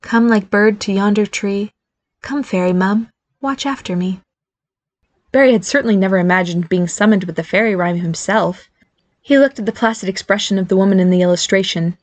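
A woman narrating a novel in an even, clear storytelling manner. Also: lowish voice, no echo. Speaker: audiobook narrator. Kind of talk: scripted narration.

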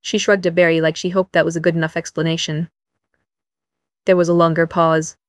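A woman narrating a novel as an audiobook in an even storytelling manner. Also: low voice, a little fast, dry recording.

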